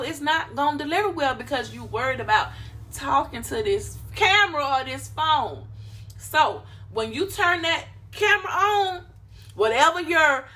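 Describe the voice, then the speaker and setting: A woman giving casual YouTube channel advice, animated and playful, acting out quick voices of others. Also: high-pitched. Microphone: phone camera.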